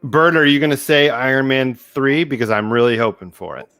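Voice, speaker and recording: A man's voice: medium pitch, brisk, a bit bright, soft background music. A man hosting a casual podcast and leading a bracket vote, hesitant and full of uhs as he moves things along. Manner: hesitant, lots of uhs, laughs easily. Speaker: podcast host running the bracket. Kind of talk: casual chat.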